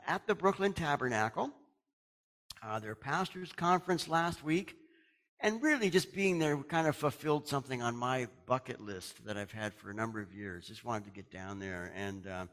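Lively, chatty middle-aged pastor. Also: male voice, mid-range voice, normal speed. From Canada. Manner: chatty, folksy, with chuckles and restarts. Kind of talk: casual sermon announcements and storytelling.

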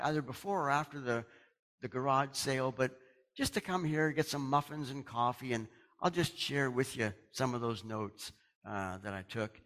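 A man's voice: medium pitch, fairly bright tone. A middle-aged man from Canada, a pastor talking to his congregation in a chatty, folksy way, chuckling often. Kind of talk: casual sermon announcements and storytelling.

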